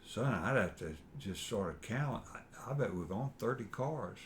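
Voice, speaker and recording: An older man with a drawl speaks in a very low voice, recalling the past in a halting, rambling way with plenty of fillers. A faint hiss of noise sits under the recording. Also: lively intonation. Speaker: father being interviewed. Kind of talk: casual family interview.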